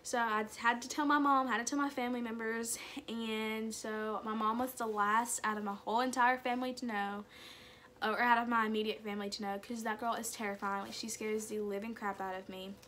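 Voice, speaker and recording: A young woman telling a personal story in a chatty, animated way, full of "like"s. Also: fairly high pitch, fairly quick, slight background noise. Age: young adult. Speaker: vlogger.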